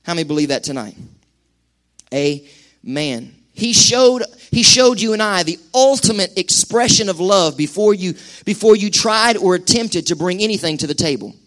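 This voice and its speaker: A middle-aged man preaching a sermon to a church congregation, animated and quick with acted-out asides. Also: high-pitched. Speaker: pastor. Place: church sanctuary.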